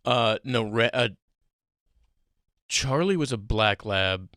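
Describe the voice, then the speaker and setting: A man's voice: mid-range voice, animated, sharp tone, dry recording, studio quality. A man from Massachusetts co-hosting a casual chat and taking a call from a viewer. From Massachusetts South Shore. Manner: chatty, quick asides and laughs. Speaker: co-host.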